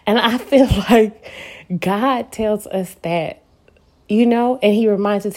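Young woman, podcast host, casual faith talk, laughs often, animated storyteller. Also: medium pitch, slow.

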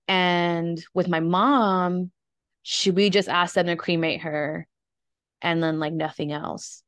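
A woman's voice: low voice, no room sound. A young woman hosting a casual podcast conversation, rambling with fillers and nervous laughs. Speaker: podcast host. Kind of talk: casual conversation about grief.

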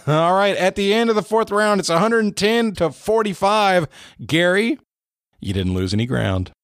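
Lively, teasing male quiz host. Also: sits high, measured pace, clear, resonant tone, no echo, studio quality. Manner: playful, teasing, reads questions aloud. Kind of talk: hosting a casual trivia game.

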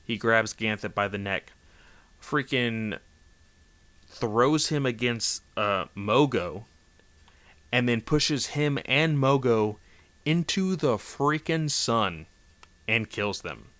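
A man casually recapping a story in a rambling, animated way, full of fillers. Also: mid-range voice, takes it slowly, long pauses. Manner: rambling, animated, lots of "like" and "you know". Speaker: comic book recap host.

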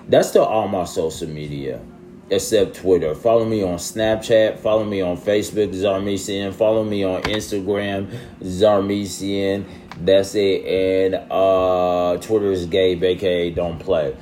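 A young man talking casually to his followers in a loose, slangy way that sometimes climbs into loud, exasperated ranting. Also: low-pitched, a little hiss or hum. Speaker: social media creator. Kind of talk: casual vlog monologue.

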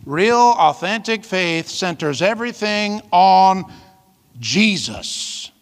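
Fiery high-voiced man preaching. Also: lively intonation, a little slow, sharp tone. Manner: emphatic, fiery preaching with call-outs to the congregation. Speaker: pastor. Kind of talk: sermon. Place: church hall. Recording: long reverb of a large hall.

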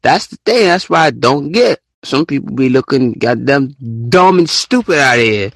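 A man hosting a live audio show, ranting in casual slang and often jumping into high, mocking quotes. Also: expressive, normal speed, vocal fry, a bit bright, no echo, clean studio sound. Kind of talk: casual rant to listeners.

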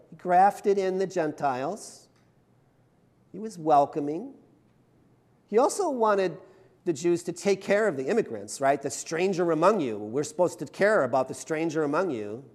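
A man delivers a conversational sermon as a pastor. His voice sits a little high and moves with lively, animated swings in pitch. He keeps it informal with self-deprecating humor and keeps checking in with his listeners. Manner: chatty, self-deprecating humor, frequent "right?" tags.

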